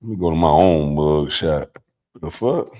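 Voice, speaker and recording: A middle-aged man hosting a livestream, telling stories in a casual, profane, animated way, dropping from low mutters to loud outbursts. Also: normal speed. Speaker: livestream host.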